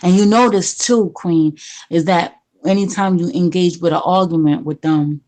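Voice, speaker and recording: A woman's voice: lowish voice, normal speed, darkish tone. A woman in a casual chat, talking in a rambling, conversational way with emphatic repeats.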